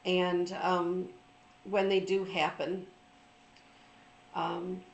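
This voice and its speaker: A middle-aged woman telling a personal story in an informal, reflective talk, pausing often with ums and restarts. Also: lowish voice, little pitch movement, gravelly, echoey room, muffled recording, slight background noise. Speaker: trauma recovery speaker.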